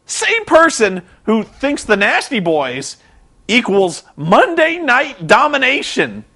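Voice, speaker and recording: A man's voice: very high-pitched, wildly swooping pitch, slow, sharp tone. A young man vlogging about a wrestling show, exasperated and sarcastic, rambling with restarts. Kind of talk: casual ranting commentary.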